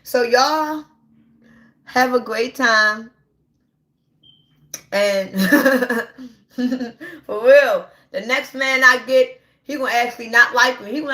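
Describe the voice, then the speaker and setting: A woman's voice: a little high, slow pace, long pauses, sharp tone, roomy sound. A woman hosting a casual livestream, talking straight to her viewers in a brash, profane and repetitive way, laughing often. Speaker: livestream host.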